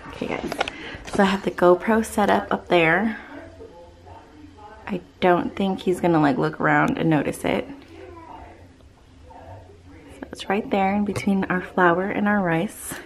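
A woman's voice: medium pitch, slight background noise. A woman chatting to camera in a casual vlog, nervous and giggly as she lays out a prank, at times dropping to a whisper. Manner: nervous, giggly, talking fast about a plan; whispering quietly. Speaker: vlogger.

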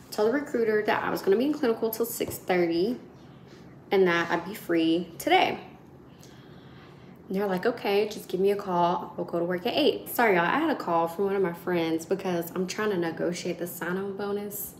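A woman in her twenties, a nursing student, telling her viewers a story in a chatty, animated way. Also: mid-range voice, a little hiss or hum. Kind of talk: casual vlog storytelling. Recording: roomy echo.

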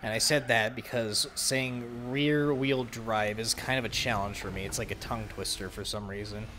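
A man's voice: mid-range voice, steady tone, moderate pace, background noise. A young man from the Southern US, with no Southern accent, hosting a casual let's-play, ranting and swearing freely and poking fun at himself. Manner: profane, ranting, self-mocking. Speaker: gaming channel host.

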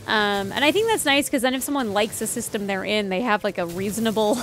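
A young woman streamer chatting casually while playing, rambling through stories with lots of fillers. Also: a little high. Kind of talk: casual gameplay chat.

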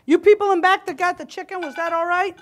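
High-voiced woman, joking cooking demo. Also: steady tone, quick pace. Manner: chatty and joking, talks to the audience while cooking. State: slightly winded. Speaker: cooking demonstrator. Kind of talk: live cooking demonstration. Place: conference hall kitchen stage.

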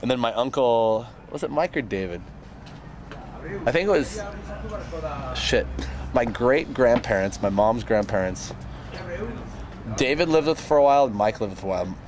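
A man's voice: medium pitch, lively intonation, normal speed, pauses often, a crowd in the background. A young man, a band member on tour, tells a rambling, profane story, laughing as he goes. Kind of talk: casual storytelling.

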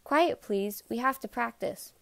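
A woman's voice: fairly high pitch, unhurried, creaky, a bit bright, dry recording. Storybook: stern, fed-up man conducting, read by a woman, dry close sound. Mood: impatient. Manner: stern, impatient. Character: exasperated male orchestra conductor.

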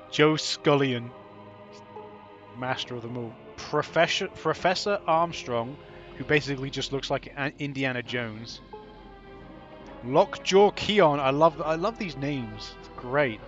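A man's voice: on the high side, a bit bright. A man giving casual, joking commentary while he plays a video game for the first time, swearing often. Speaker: gameplay commentator. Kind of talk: casual let's-play commentary. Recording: slightly dull lo-fi with faint game music.

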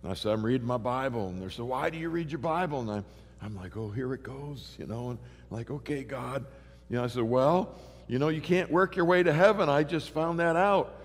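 Speaking fairly quickly in a mid-range voice, a middle-aged pastor delivers a sermon full of animated stories, fillers and restarts. He's in a large church hall, and its long reverb fills the recording.

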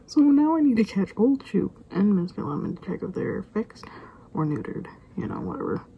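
Woman, whispered vlog storyteller, gravelly, mellow tone, faint hiss behind. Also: medium pitch, wildly swooping pitch, normal speed, rough recording. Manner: rambling, self-interrupting anecdote with repeated sound effects.

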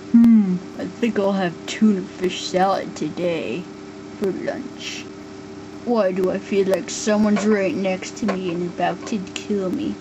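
In kid-style toy play acting, a woman who does amateur stop-motion voice work plays every figure of a homemade war story, switching playfully among them. Her voice is medium-pitched, with background noise in the recording.

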